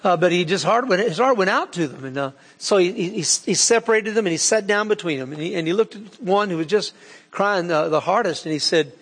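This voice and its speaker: A man delivers a sermon with a folksy, earnest manner. His voice sits notably high. It carries a long, lingering hall reverb. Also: quick pace. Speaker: preacher.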